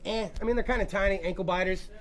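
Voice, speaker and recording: A man's voice: high-pitched, fast talker, a bit bright. A man hosting a podcast, rambling through a crude, profane, jokey comedic rant. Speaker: podcast host.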